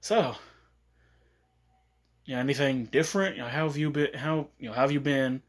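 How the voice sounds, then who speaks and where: A man voicing a cool, blunt teenage boy ninja from a fan-made anime story. His voice is quiet and even, and he stalls before he answers. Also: mid-range voice, normal speed, lightly acted.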